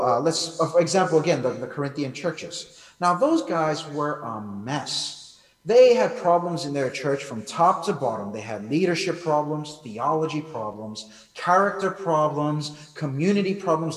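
Man, pastor, animated sermon, fairly high voice, echoey hall. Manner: animated, emphatic preaching with conversational asides. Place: church hall. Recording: echoey church hall, voice from far off.

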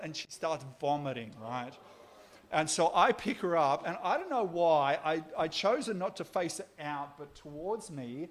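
A man in his thirties preaching a Christmas sermon, telling stories with swings between soft asides and loud outbursts. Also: fairly high pitch, moderate pace.

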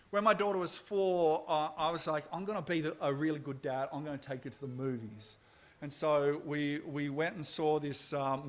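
A man in his thirties preaching a Christmas sermon, telling stories with swings between soft asides and loud outbursts. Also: a little high.

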